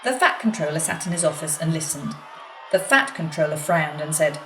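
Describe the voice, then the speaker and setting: A woman reading a children's story aloud in a clear, expressive storytelling manner. The recording sounds like an echoey room picked up from a distant mic. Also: low voice, fairly quick, a little hiss or hum.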